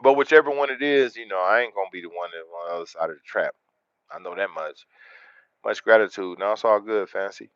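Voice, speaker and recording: A man's voice: lowish voice, big pitch swings, brisk, gravelly, a bit bright, clear, resonant tone, dry recording, lo-fi sound. Laid-back man chatting on a livestream. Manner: laid-back, slangy, talks straight to chat. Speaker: livestream host. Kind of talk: casual livestream chat with viewers.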